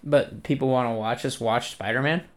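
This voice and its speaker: A man's voice: mid-range voice, normal speed. A young man co-hosting a casual chat podcast, stammering through restarts and swearing for emphasis. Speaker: podcast co-host and editor.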